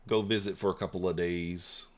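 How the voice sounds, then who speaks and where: A man's voice: sits low, steady tone, moderate pace. A man chatting casually on a live trading stream, rambling with lots of fillers and trailing off.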